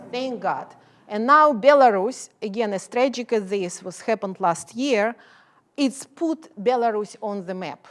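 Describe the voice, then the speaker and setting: A woman's voice: a little high, takes it slowly. A middle-aged woman, a professor giving a keynote speech, talking passionately in English with an accent and non-native phrasing.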